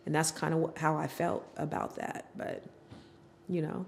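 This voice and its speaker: A middle-aged woman speaks frankly about her own life as an interview guest. She switches into the voices of her children and her ex when she quotes them, with swings in pitch and loudness. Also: normal speed, gravelly. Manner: animated, acts out family members' lines in voices. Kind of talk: candid personal storytelling.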